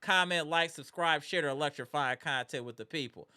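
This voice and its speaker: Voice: medium pitch, brisk, sharp tone, clean tone. A live sports reaction streamer in a casual rant, trash-talking rival fans with lots of slang.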